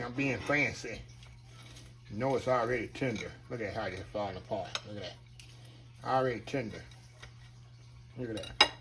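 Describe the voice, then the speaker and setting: A man's voice: mid-range voice, vocal fry, noisy background. A man hosting a casual cooking vlog, talking folksy and calling his viewers y'all. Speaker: cooking channel host. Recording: kitchen with sizzling grease behind.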